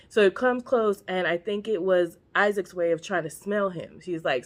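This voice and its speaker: A woman's voice: mid-range voice, moderate pace, hardly any pauses. A woman vlogger chatting casually as she retells a Bible story, slangy and full of offhand asides.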